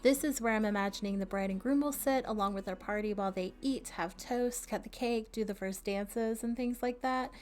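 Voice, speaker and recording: A woman's voice: mid-range voice, a little fast, few pauses, a little mellow. A woman chatting casually through a voice-over about her build, laughing often and adding friendly asides, with the hiccups. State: has the hiccups. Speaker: game builder narrating a build video.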